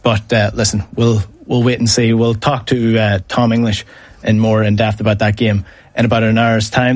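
A man hosting a breakfast sports radio show, talking briskly about football and reading promos. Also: lowish voice. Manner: brisk, reads ad copy and promos in a lively way.

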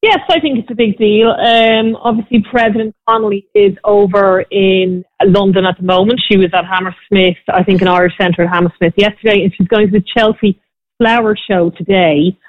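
A woman's voice: mid-range voice, fairly even intonation, moderate pace. Woman journalist on a tinny phone line. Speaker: journalist guest. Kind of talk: phone-in interview.

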